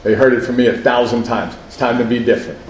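A man's voice: medium pitch, fairly even intonation, quick pace, reverberant, slight background noise, rough recording. A man giving a personal share at a recovery meeting, conversational, often asking "right?" and laughing at himself.

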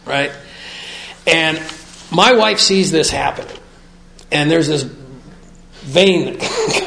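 Speaking to a recovery group in an echoey hall, this middle-aged man reads from his notes with frank, self-deprecating honesty. His voice is gravelly and a little high.

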